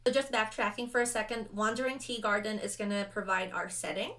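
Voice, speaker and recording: A young adult woman chatting casually and rambling through rules as she sets up a solo tabletop roleplaying game, animated and self-deprecating. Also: mid-range voice, fairly quick. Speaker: solo roleplayer and video host. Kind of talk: casual actual-play chat.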